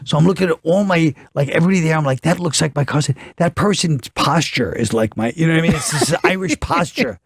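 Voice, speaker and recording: Rambling American comedian, slightly high voice. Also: male voice, animated, fast, creaky, few pauses, slightly rough, no echo, clean studio sound. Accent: New York. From United States. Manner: rambling, self-interrupting storyteller with frequent laughs. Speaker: guest comedian. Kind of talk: casual podcast chat.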